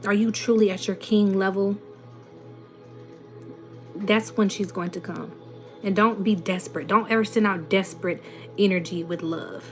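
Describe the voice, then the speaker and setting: A young woman with a Southern US accent talks casually to her audience, reading comments and answering them bluntly with plenty of sass. Her pitch sits in a middle range, and faint music plays in the background. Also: fairly even intonation, normal speed, long pauses. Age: 20s. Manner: blunt, sassy, rhetorical questions. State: runny nose. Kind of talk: casual livestream chat.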